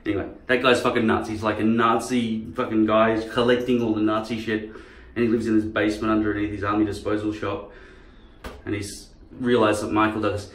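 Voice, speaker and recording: A man's voice: fairly low pitch, level tone, a little fast, slight background noise. A man vlogging in casual chat, rambling and profane. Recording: echoey room.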